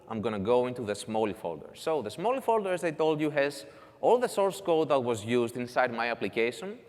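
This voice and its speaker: A man's voice: mid-range voice, in a large hall. A man giving a conference talk, walking through a live demo step by step with casual asides. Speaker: conference speaker. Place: conference hall.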